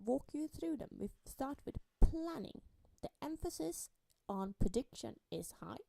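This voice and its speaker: A woman's voice: mid-range voice, gravelly, mellow, dry recording. A woman lecturing, explaining a diagram step by step. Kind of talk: recorded lecture.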